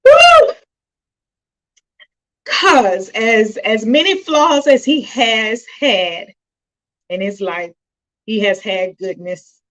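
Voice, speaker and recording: A middle-aged woman talks to her viewers through her phone during a live stream, her voice heartfelt and at times close to tears. She speaks directly to the people watching, pausing to compose herself before going on. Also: medium pitch, rough recording. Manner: emotional, choking up and apologizing; warm, addresses viewers directly. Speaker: host of a self-help live stream.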